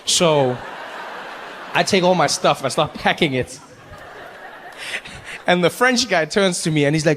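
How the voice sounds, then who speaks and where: A man doing stand-up storytelling, animated, acting out voices and laughing through his lines. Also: fairly high pitch, normal speed, pauses often, big-room sound. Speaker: stand-up comedian.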